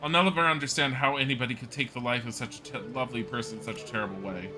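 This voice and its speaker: A man's voice: medium pitch, fairly even intonation, racing, music in the background, natural voice. Man reading as a shaken townswoman witness. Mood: distressed. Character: upset middle-aged townswoman witness. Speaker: streamer.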